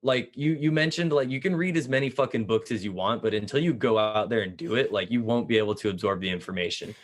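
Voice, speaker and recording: A man with a fairly low voice speaks as a guest on an interview. He talks in a relaxed, casual way, filling pauses with "like" and "um".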